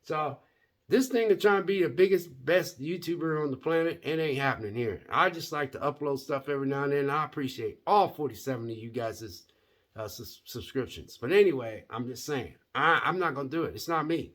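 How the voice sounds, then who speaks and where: Animated, rambling man reviewing a movie. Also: fairly high pitch. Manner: rambling, repeats words, says "man" often; folksy, animated. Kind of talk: casual movie review chat.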